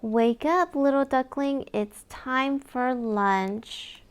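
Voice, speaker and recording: Slow, high-voiced woman reading to children. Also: clear, resonant tone. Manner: gentle, gasping, sing-song questions to the child. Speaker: children's book reader. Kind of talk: read-aloud for young children.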